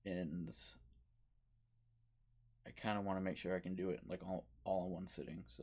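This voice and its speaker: A man's voice: low-pitched, level tone, normal speed, long pauses, darkish tone, slightly rough. A man streaming a game playthrough, rambling casually and chatting to his viewers in a self-mocking way.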